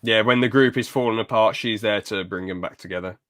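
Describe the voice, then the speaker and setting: A man's voice: lowish voice, fairly bright tone, dry recording, studio quality. A man co-hosting a podcast, chatting casually and enthusiastically. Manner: chatty, enthusiastic, quick asides with brief put-on quotes. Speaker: podcast co-host. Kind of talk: casual chat.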